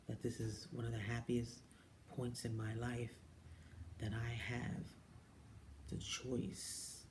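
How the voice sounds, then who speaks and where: A woman talking casually to camera, telling her own story and jumping up high when she quotes people. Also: noisy background. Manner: animated storyteller who mimics people with high-pitched quotes and drops into whispers. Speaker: direct-sales jewelry consultant. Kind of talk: casual personal vlog monologue.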